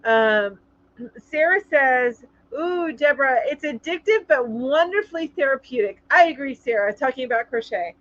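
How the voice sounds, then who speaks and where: A woman hosting a casual live-stream chat, reading viewer comments aloud in a chatty, sympathetic way, halting with many ums. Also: high voice, animated, fairly bright tone, no room sound, highs cut off. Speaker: live show host.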